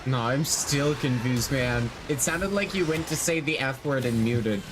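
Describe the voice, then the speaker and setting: A man's voice: mid-range voice, a little slow, background noise. A man streaming a game, chatting casually with friends in a laid-back, chuckling, rambling way. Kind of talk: casual gaming chat with friends.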